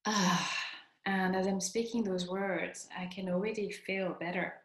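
A woman's voice: medium pitch, fairly even intonation, unhurried. A woman giving an earnest motivational self-help talk, repeating lines for emphasis. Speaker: motivational speaker. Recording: echoey room.

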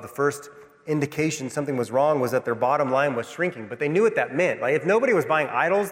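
A male pastor preaching a sermon with passion, swinging between loud emphatic lines and hushed ones. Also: a little high, in a large hall. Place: church sanctuary.

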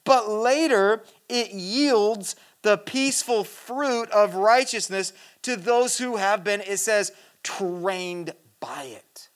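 A preacher giving a sermon in a casual, earnest way, reading scripture and talking to the listeners directly. They often restart and repeat words, and they drop into a quiet, low voice to stress a point. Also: slow, hardly any pauses. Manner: addresses the listeners directly as "guys" and asks for "amen"; drops to a quiet, low voice for emphasis.

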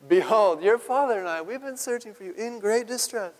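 A man's voice: high-pitched, a little fast, long reverb tail, voice pushed up, close to an everyday voice. A man putting on the voice of a frantic, exasperated mother scolding her son, in a comic, exaggerated way.

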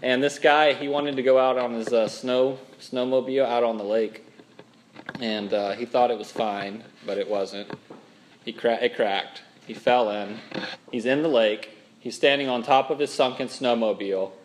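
A man from Minnesota preaching a sermon as pastor, telling stories with animated, dramatic emphasis. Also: medium pitch, moderate pace, slight background noise.

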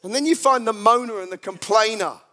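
High-pitched and fairly quick, a preacher gives a comic sermon, telling stories to the congregation and playing out ordinary characters with lively animation.

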